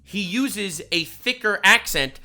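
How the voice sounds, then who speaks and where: A man giving sarcastic commentary on political clips, ranting and bursting into loud mocking outbursts. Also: high-pitched, expressive, takes it slowly, faint music behind.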